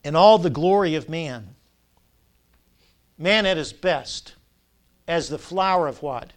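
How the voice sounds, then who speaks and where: A man preaching from the pulpit in a high, lifted voice. He stretches key words out slowly for weight and pauses to let the congregation call back the answers. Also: lively intonation. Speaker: pastor. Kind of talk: sermon.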